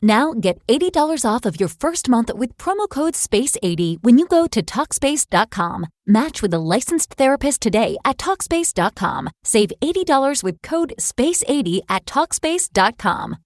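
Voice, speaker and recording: Woman reading an ad, gentle and reassuring. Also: fairly high pitch, big pitch swings, moderate pace, hardly any pauses, no room sound, clean studio sound. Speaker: ad reader. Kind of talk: scripted sponsor read.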